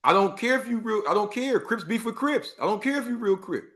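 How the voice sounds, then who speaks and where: A man with a Los Angeles accent and a slightly high voice, talking as a guest in a casual interview. He acts out the people he quotes and leans hard on slang. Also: fairly quick. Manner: animated, acts out quoted street talk, heavy slang. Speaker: podcast guest.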